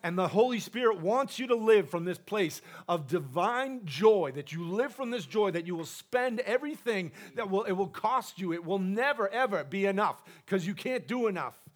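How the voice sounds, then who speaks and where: A man preaching a charismatic sermon to a congregation in a church, passionate, swinging between loud exhortation and soft asides. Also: high-pitched, expressive, normal speed, few pauses. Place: church sanctuary.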